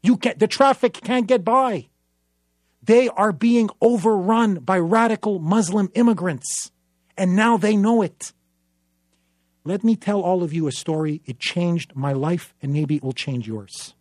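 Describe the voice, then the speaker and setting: A man's voice: sits high, measured pace, dry recording, studio quality. A man, a newspaper columnist, telling a story in an impassioned public speech, emphatic and dramatic. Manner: emphatic, dramatic, building to forceful peaks.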